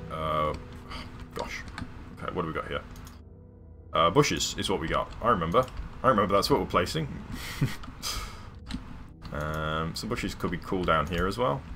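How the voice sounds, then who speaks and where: A man live-streaming a building game, chatty and rambling, with playful sound-effect interjections. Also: low voice. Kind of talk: casual live game commentary.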